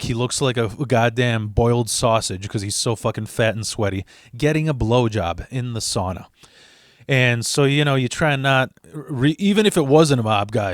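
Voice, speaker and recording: A young man with a medium-pitched voice casually tells a personal story, swearing freely and acting out what other people said. He's animated and profane, and the recording is dry with clean studio sound.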